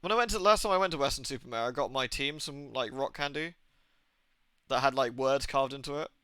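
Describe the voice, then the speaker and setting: A man's voice: mid-range voice, a little fast, bright, forceful tone, clear, resonant tone, no room sound, studio quality. A young man with a mix of Birmingham and Southwest English accents, chatting and joking while he streams a game. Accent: mix of Birmingham and Southwest England. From England. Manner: chatty, jokey, laughs often. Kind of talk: casual gaming commentary.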